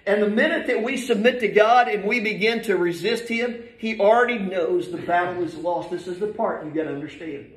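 A man in middle age delivers a sermon from the pulpit, his voice pitched high and ringing through an echoey church hall. He speaks emphatically, pressing each point and lifting his voice as he reads scripture. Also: steady tone, fairly quick, few pauses. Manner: emphatic, reads scripture aloud with rising force. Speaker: pastor. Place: church sanctuary.

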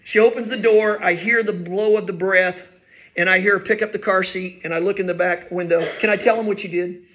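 An older male pastor with a notably high voice delivers a sermon in a roomy, echoing church. He preaches in a folksy, self-deprecating way, leaning on stories from home. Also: steady tone, fairly quick, fairly bright tone, slight background noise. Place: church sanctuary.

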